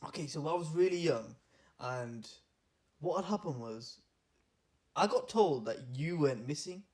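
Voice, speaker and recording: A man in his twenties co-hosting a casual podcast with his sister, telling stories in an animated way, swearing and laughing often. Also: a little high, a little slow. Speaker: podcast co-host. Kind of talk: casual sibling chat.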